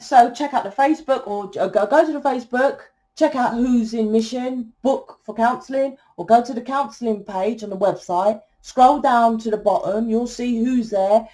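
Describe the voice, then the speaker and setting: A woman's voice: mid-range voice, mellow. A woman giving a tarot reading in a fiery, blunt monologue, swearing freely and asking "right?" often. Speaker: tarot reader.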